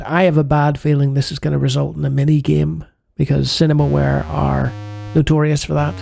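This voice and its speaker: A man's voice: fairly high pitch, little pitch movement, fairly quick, gravelly, mellow, dry recording. A man hosting a retro game channel, giving playful let's-play commentary with jokey asides.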